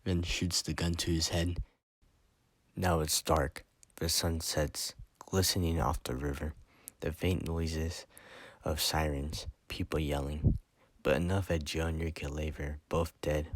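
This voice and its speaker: Deep-voiced man reading his own story. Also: little pitch movement, measured pace, no echo. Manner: plain, earnest reading with occasional stumbles.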